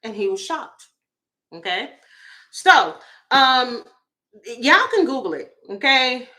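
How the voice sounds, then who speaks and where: A woman's voice: high-pitched, very animated, slow pace, bright, forceful tone. A woman, giving goofy, chatty celebrity gossip commentary as a tarot reader and calling her viewers y'all.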